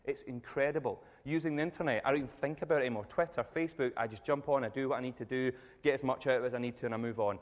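Guy doing a lively funny talk to a crowd, mid pitch, long echo from a big hall. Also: rapid-fire, hardly any pauses. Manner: jokey, energetic storytelling, addresses the crowd directly. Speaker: motivational speaker. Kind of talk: live audience talk. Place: event room with tables and audience. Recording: long reverb of a large hall.

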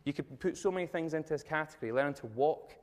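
A man giving a jokey, energetic talk to a live audience, telling stories and speaking directly to the crowd. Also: a little high, fast. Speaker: motivational speaker. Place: event room with tables and audience. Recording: long reverb of a large hall.

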